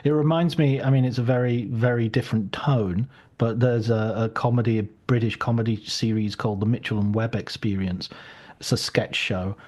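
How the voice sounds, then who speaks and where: A man hosting a film podcast, chatting casually, animated and rambling, who laughs often. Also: medium pitch, moderate pace. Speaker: podcast host.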